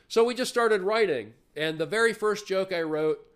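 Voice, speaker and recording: A man's voice: sits high, moderate pace, a bit bright, clear, resonant tone. A man telling stories as an interview guest, rambling with frequent restarts. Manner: rambling storyteller, lots of restarts. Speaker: interview guest, artist and puppet builder. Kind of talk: casual interview chat.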